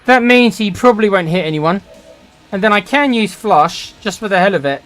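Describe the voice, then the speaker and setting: A man in his forties talks through his strategy game as he plays, griping and sarcastic whenever a shot goes wrong. His voice sits high for a man, with faint game music under it. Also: animated, normal speed, a bit bright. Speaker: gaming channel host. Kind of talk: let's-play commentary.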